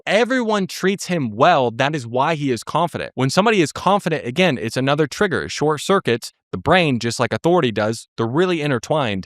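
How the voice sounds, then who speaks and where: A man's voice: on the high side, fairly bright tone, no echo, clean studio sound. A young man coaching on sales in an instructive, emphatic way, with frequent "okay?" check-ins, speaking from his own apartment office. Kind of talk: direct-to-camera coaching monologue.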